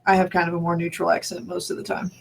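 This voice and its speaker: A man from New Mexico with a notably high speaking voice. He chats casually and rambles, thinking aloud, restarting sentences and breaking into short laughs. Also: monotone, fast, vocal fry, very noisy. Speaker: conversation partner. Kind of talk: casual chat.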